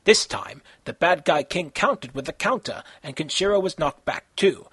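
A man reading his own fan fiction aloud in an amateur, halting way, with slips and self-corrections. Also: fairly high pitch, animated, a bit bright, slightly rough, no echo.

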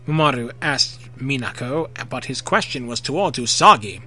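A man's voice: mid-range voice, animated, normal speed, bright, forceful tone. A young man reading fan fiction aloud in a casual way, breaking off for jokey asides. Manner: casual, jokey, swears freely.

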